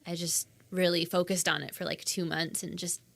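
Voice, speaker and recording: A woman's voice: fairly low pitch, flat delivery, normal speed, vocal fry, a bit bright. A young adult woman from Canada, a singer-songwriter guest chatting casually on a podcast, laughing easily and poking fun at herself.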